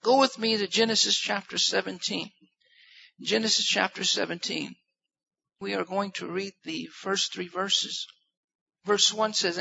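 A man's voice: high voice, fairly even intonation, unhurried, creaky, sharp tone. A man preaching a sermon in an earnest way, repeating phrases for emphasis. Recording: muffled lo-fi recording.

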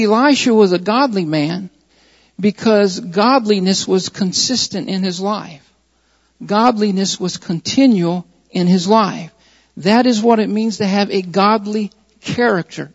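A man preaching a sermon, reading scripture aloud and then explaining it with repeated emphasis. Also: sits high. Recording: muffled hall recording.

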